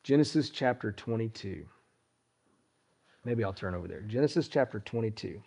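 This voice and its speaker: A male pastor preaching a sermon, speaking deliberately and addressing his listeners directly, with his voice often sinking low at the ends of phrases. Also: animated, creaky, mellow, breathy edge.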